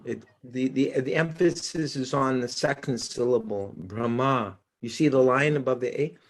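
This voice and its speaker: A man moderating an online scripture study group, polite and a little halting, heard over a video call. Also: medium pitch. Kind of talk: casual moderating.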